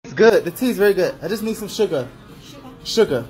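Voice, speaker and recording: A man's voice: high-pitched, animated, a little fast, darkish tone. A man making a casual travel vlog, chatting upbeat with shop staff in a busy food shop. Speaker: travel vlogger. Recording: crowd chatter and music behind.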